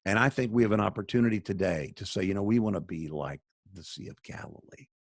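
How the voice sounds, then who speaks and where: Male charity spokesman, earnest and sermon-like, lower voice, dry video-call sound. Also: expressive, fast, husky, no room sound. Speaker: charity spokesman, radio guest.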